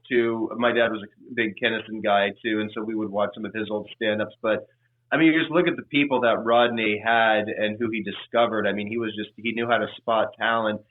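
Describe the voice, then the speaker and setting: A man's voice: fairly low pitch, fairly even intonation, brisk. Guy rambling on a podcast over a tinny phone-ish line, lots of ums and restarts. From Los Angeles. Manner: rambling, many restarts and fillers. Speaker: podcast guest. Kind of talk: casual chat.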